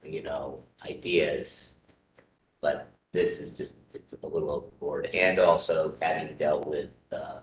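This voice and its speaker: A man's voice: steady tone, a little slow. A male commissioner giving a blunt, plainspoken opinion during a meeting in a council chamber. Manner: plainspoken, candid. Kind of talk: meeting discussion. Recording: echoey chamber, faint rumble.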